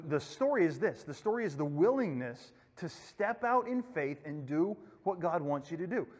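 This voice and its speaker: A male youth pastor tells a Bible story in a casual way, acting out the voices of the people in it. His voice sits high. The recording is dull and lo-fi, with a long echo from a church room. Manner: casual, storytelling, acts out quotes. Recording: echoey hall, muffled lo-fi recording.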